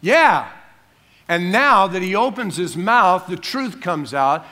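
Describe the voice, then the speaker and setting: Older male pastor, lively sermon delivery, higher-than-usual voice, humorous acted quotes. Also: measured pace. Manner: animated, acts out quotes, jokey asides.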